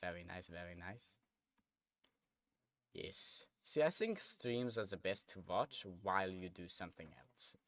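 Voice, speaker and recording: A young man with a very low voice talks through a gaming stream in a loose, rambling way. He chats with viewers as he plays, drifting between comments and what he is doing in the game. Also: animated, a little slow, a bit bright, no room sound. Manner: rambling, chatty, reads chat aloud while playing. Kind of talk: casual gameplay stream chatter.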